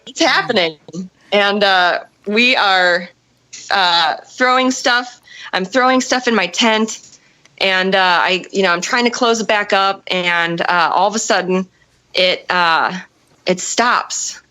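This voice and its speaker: A woman's voice: medium pitch, takes it slowly, poor audio. A woman in her thirties telling a wild story casually, swearing and acting out other people's lines. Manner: animated, swearing, acts out voices. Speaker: guest storyteller.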